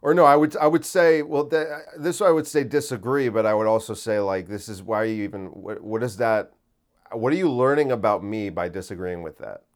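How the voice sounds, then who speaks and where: A man's voice: lowish voice, a little fast. A man hosting a podcast, talking casually and incredulously, full of restarts and rhetorical questions. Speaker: podcast host.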